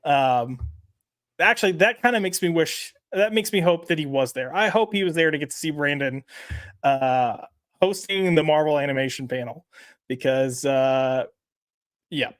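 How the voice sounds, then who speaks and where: A man's voice: a little high, moderate pace, a bit bright, no room sound. A man co-hosting a casual podcast, chatting in a rambling way with lots of fillers and reading out live chat comments. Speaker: podcast co-host.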